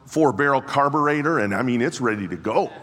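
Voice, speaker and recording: A man voicing a folksy stable master who pitches his chariot like a salesman. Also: expressive, fairly quick, a bit bright. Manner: casual, salesman-like. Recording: long hall reverb.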